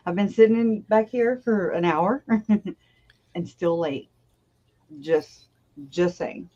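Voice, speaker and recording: A woman's voice: medium pitch, extremely slow, long pauses, dark tone, muffled recording. Giggly woman hosting a casual stream. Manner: chatty, laughs often. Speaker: channel host. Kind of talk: casual livestream chat.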